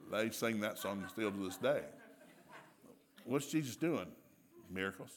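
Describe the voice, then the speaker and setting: A male preacher giving a sermon with animated storytelling, laughing often and acting out dialogue. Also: lowish voice.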